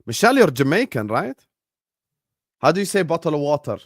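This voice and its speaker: A man's voice: a little high, big pitch swings, a little fast, no room sound, studio quality. A non-native English-speaking man hosting a live stream, chatting loosely and answering viewers' messages as they come in. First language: not English. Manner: chatty, rambling, reads and answers live chat. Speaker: livestream host. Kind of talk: casual live-stream chat.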